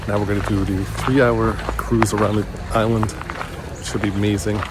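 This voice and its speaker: A man's voice: fairly low pitch, flat delivery, a little fast. A recently retired man in his sixties, chatting upbeat and self-deprecating as he narrates his travels on a handheld camera outdoors. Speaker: travel vlogger. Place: outdoors on a road trip and boat tour. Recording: loud outdoor wind and vehicle noise.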